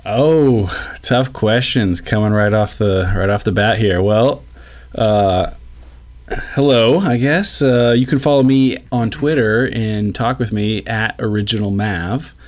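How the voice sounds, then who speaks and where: A man's voice: lowish voice, takes it slowly. A man co-hosting a podcast, talking casually with hesitant starts while telling stories. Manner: hesitant, restarts, storytelling. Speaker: podcast co-host. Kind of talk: casual chat.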